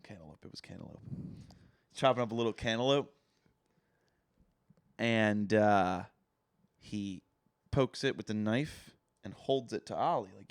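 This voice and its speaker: A man co-hosting a podcast, telling a story in an animated way and swearing freely into a studio mic. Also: lowish voice, a little slow, long pauses, dry recording. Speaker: podcast co-host. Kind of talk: casual chat.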